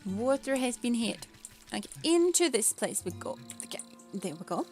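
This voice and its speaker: A woman's voice: on the high side, big pitch swings, normal speed, a little mellow, soft background music. A woman streamer giving casual let's-play commentary, thinking aloud in a playful way and chatting with her viewers. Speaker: VTuber streamer.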